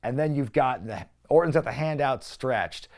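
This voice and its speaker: A man hosting a show, casually recapping a wrestling broadcast with wry, animated storytelling. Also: mid-range voice, moderate pace, gravelly. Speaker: podcast host.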